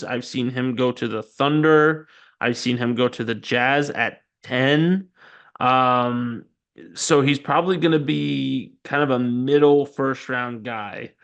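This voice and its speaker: A man hosting a relaxed sports news podcast, speaking at an unhurried pace in a mid-pitched voice. His tone is smooth and clear, and he fills the gaps with ums and wry asides at his own expense. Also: dull audio. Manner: chatty and self-deprecating, frequent ums and asides. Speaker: podcast host. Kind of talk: casual sports news roundup.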